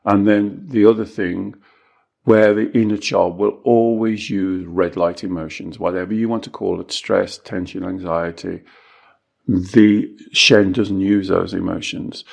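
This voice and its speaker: A middle-aged man with a low, gravelly voice talks through spiritual teaching. He is unhurried and reflective, leaning into slower phrases for emphasis. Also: fairly even intonation, a little mellow. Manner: measured, reflective, slows down for emphasis. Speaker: Taoist teacher and coach. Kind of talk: calm spiritual teaching chat.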